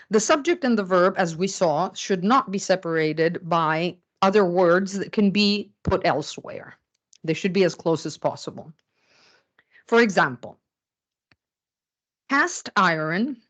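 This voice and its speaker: A middle-aged woman teaching a writing class, explaining step by step and often checking in with "okay?". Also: on the low side. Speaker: writing instructor. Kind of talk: recorded classroom lecture.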